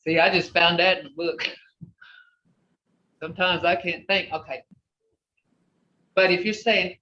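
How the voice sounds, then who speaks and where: A patient teacher speaking slowly and brightly, drilling vocabulary with a class over a video call. The voice sits back from the mic, with a roomy echo and dull, lo-fi sound, and the delivery stays encouraging and full of "okay" and "you know". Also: medium pitch, steady tone. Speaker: language teacher. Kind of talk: online language class. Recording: echoey lo-fi video call audio from far off the mic.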